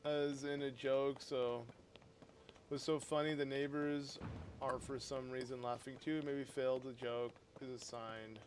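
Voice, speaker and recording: A man streaming a game live, chatting casually with his viewers in an excitable, talkative way and laughing often. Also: a little high, a little hiss or hum.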